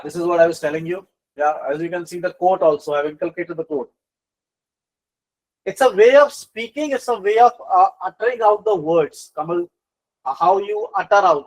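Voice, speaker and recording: A middle-aged man teaching business communication in a live online lecture, animated, with many fillers and repeated phrases. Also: high-pitched, normal speed, poor audio.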